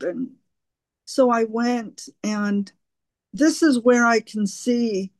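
A woman sharing her recovery story at a twelve-step meeting, halting and earnest, often repeating her words. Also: a little high, dry recording. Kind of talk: personal recovery share.

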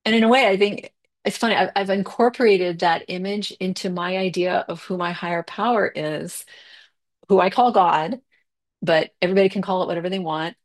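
A middle-aged woman giving a candid personal recovery share. She talks conversationally, with fillers, quick bursts and slow stretches. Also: lowish voice. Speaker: recovery meeting speaker.

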